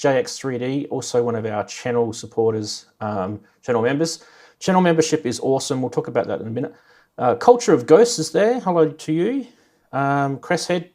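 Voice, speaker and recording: A man's voice: mid-range voice, a little mellow. Jokey Australian man hosting a livestream. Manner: jokey, rambling, greets chat by name. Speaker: livestream host. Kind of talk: casual livestream chat.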